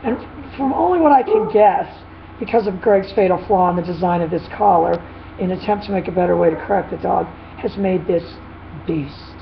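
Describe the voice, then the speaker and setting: A woman dog trainer chatting casually in a vlog, retelling a dispute in an animated, rambling way with frequent laughs. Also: fairly low pitch, moderate pace, creaky. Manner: animated storytelling, laughs often. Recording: dull lo-fi with faint noise.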